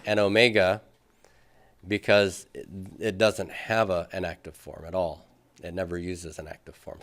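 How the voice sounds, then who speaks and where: A man teaching a Greek grammar class, patiently working through examples at the board and asking his students questions. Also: deep voice. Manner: patient, thinks aloud with many fillers, asks students questions. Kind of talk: classroom lecture.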